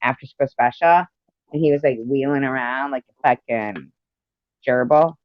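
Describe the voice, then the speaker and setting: A woman's voice: very deep voice, moderate pace. A woman chatting casually on her live stream, teasing, laughing often and swearing freely. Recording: dull, dry lo-fi stream audio.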